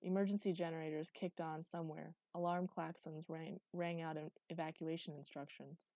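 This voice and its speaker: A woman narrating a first-person story as an audiobook, in an even storytelling manner, dry close recording. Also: low-pitched, normal speed, no echo.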